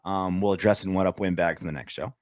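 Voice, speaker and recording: A man's voice: low-pitched, steady tone, fast, a little hiss or hum. A man co-hosting a sports podcast, talking in loose, joking, rambling banter. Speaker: podcast co-host. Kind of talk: casual sports chat.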